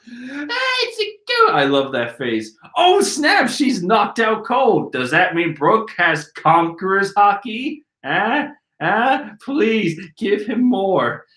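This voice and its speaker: A man's voice: high-pitched, big pitch swings, slow, sharp tone. A man casually reading a comic aloud and chatting, with a giggly manner, at home. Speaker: manga reading channel host. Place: room at home. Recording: roomy echo.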